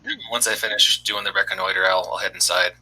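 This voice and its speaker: A man playing in a tabletop game, chatting quickly and wandering off on tangents. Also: low voice, fairly even intonation, pushed and bright, husky, rough recording. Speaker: player. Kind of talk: casual tabletop game talk.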